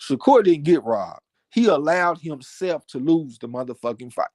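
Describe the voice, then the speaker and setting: A man co-hosting a casual live-stream talk show, animated and profane, often repeating words as he gets worked up. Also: a little high, normal speed, dry recording, clean studio sound. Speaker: podcast co-host. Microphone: home mic on live stream, cutting out.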